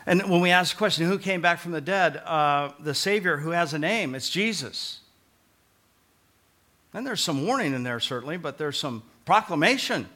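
A male pastor with a fairly high voice and lively intonation preaches at normal speed in a conversational style. He shifts between loud, emphatic points and quiet, earnest pleading, often repeating short phrases.

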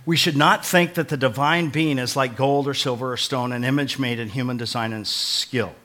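A man delivers a sermon in a bright, clear-edged voice. He shifts between loud, emphatic proclamation and hushed, earnest appeals, and he drives points home by repeating short phrases. His pitch sits at an ordinary middle for a man. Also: fairly even intonation, normal speed. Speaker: pastor.

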